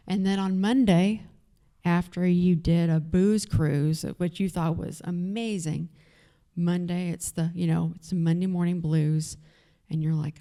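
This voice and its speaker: Woman with a Texas accent, low and mellow voice, candid personal talk at an event, loose with fillers. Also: fairly even intonation, unhurried. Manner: candid, conversational, frequent fillers. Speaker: event speaker. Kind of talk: personal story told to an audience. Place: event venue.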